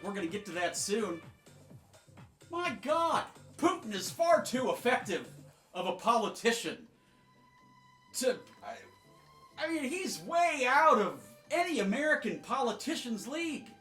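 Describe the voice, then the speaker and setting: A man's voice: very high voice, reverberant. A man giving sarcastic, mocking political commentary over clips. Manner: sarcastic, mocking, swinging loud to soft.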